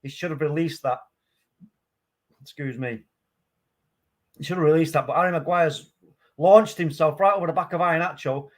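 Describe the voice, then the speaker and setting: A man calling a football match live as a fan host, his voice sitting a bit higher than most men's. He moves from steady play-by-play to frustrated rants and loud cheering. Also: moderate pace, pauses often. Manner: excitable, swings from calm play-by-play to loud outbursts. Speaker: watchalong host.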